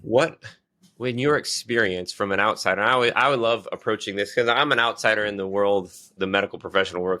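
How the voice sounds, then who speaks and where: A male podcast host with a low, forceful voice. He stumbles into his questions, restarting them several times before he gets them out. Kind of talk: podcast interview.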